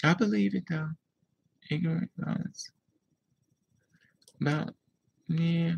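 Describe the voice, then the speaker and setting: A gravelly, husky voice with plenty of vocal fry. A vlogger speaks candidly and emotionally about their own past. At times they drop to a near whisper and answer viewer comments. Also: mid-range voice, slow, highs cut off. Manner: emotional, candid storytelling with frequent hushed asides; responds aloud to viewer comments. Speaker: vlogger telling a personal story. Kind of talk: casual story time monologue.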